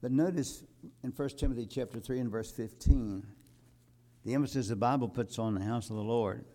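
An older man preaching a sermon to his congregation, building from calm talk to loud emphatic peaks and quoting scripture. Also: mid-range voice, moderate pace. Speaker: pastor.

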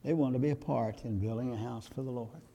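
Gravelly-voiced preacher man. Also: medium pitch, fast talker, muffled recording, a little hiss or hum. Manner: preachy, rising to loud fervent exhortation. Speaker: pastor. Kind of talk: sermon.

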